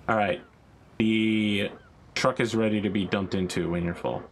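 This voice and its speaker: A young man chatting casually while gaming on a stream, with animated, joking rants. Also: fairly low pitch, unhurried, background noise.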